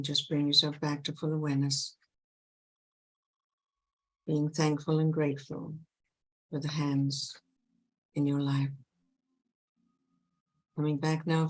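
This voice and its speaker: A woman with a low voice leads a guided meditation. She talks slowly and gently, in a soothing tone. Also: rough recording. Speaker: guest, past life regression hypnotherapist.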